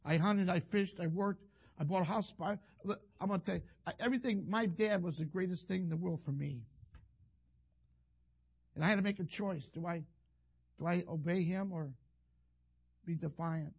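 A man's voice: high voice, normal speed, long pauses, breathy edge. An older man, a pastor telling a rambling, folksy story in a sermon. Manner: rambling, folksy, self-interrupting.

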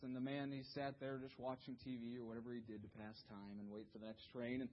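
A man preaching a sermon, telling a story dramatically, dropping to hushed low tones and then rising to shouts. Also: fairly even intonation, fast talker, few pauses. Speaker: pastor. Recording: dull lo-fi recording.

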